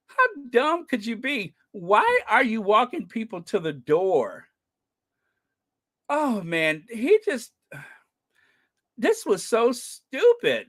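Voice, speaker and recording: Slow, lively-pitched mocking commentary host. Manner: mocking, scornful and animated, often laughing. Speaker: royal commentary channel host. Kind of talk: casual commentary vlog, reading comments and articles aloud.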